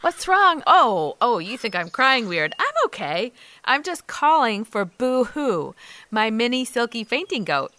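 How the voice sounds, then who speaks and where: Middle-aged woman co-host, animated and bright, casual outdoor chat on a farm walk. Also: a little high, measured pace. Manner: lively, calls loudly to her goats. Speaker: podcast co-host.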